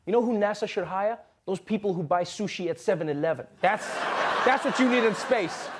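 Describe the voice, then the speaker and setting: A man's voice: high-pitched, brisk, heavy background noise. A man performing a stand-up comedy routine, joking and laughing through his punchlines.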